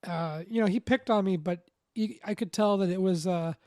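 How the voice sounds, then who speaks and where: A woman co-hosting a casual podcast, speaking plainly with deadpan wisecracks. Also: medium pitch, moderate pace, no room sound, clean studio sound. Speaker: podcast co-host. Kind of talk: casual chat.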